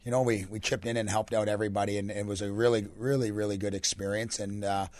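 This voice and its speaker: A young Canadian man, a hockey coach with a deep, raspy voice, answering radio interview questions in a relaxed, rambling way. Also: fast talker, no room sound. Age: young adult. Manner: relaxed, rambling answers with many fillers and restarts.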